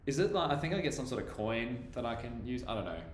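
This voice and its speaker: Talking fast and animatedly at a medium pitch, this young bass trombonist chats on a live stream and laughs a lot while reading viewer comments. The room is echoey, with faint noise in the background.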